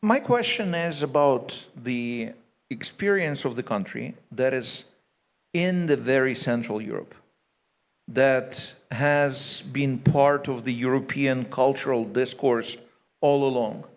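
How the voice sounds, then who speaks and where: A man's voice: mid-range voice, slow pace. Man from Ukraine, non-native English, moderator with long searching questions. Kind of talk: panel discussion.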